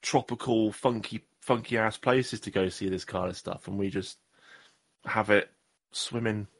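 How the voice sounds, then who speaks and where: Low-voiced rambling jokey man. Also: a little slow, a bit bright. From southwest England. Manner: jokey, rambling, self-deprecating. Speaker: podcast co-host. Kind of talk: casual chat.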